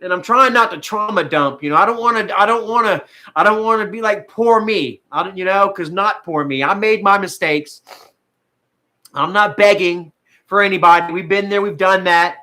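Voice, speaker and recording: A man with a high, bright voice talks to his live viewers in a loose, rambling way, full of fillers and curses. He drifts between laughter and tears as he opens up. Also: moderate pace. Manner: rambling, frequent fillers, heavy swearing. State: tearful at times. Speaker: vlogger talking to live viewers. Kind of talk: emotional casual livestream talk.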